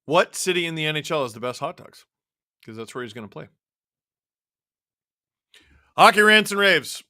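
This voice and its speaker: A man hosting a live stream, casually calling a hockey game and chatting, his voice worn a little deeper from long talking. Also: expressive, fast, bright, forceful tone, no echo, studio quality. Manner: chatty, reacting to the game and chat as it happens. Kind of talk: casual live play-by-play and chat.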